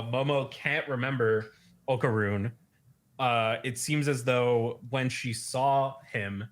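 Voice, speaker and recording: Speaking at medium pitch with a fairly bright tone, this man hosts a podcast and loosely goes over a chapter of a story. Laughter and filler words crop up often.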